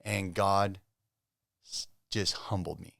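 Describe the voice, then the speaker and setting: A man's voice: low voice, fairly even intonation, takes it slowly, gravelly, fairly bright tone, no echo, clean studio sound. A man from Southern California, a podcast guest telling his story in a casual, laid-back way, filling his talk with "dude", "bro" and "like". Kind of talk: casual testimony chat.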